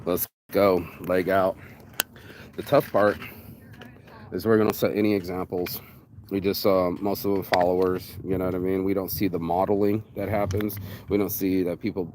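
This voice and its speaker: A man vlogs outdoors in public, delivering a rambling, profane, casual monologue and calling the listener "bro." His voice is deep, with a noisy background.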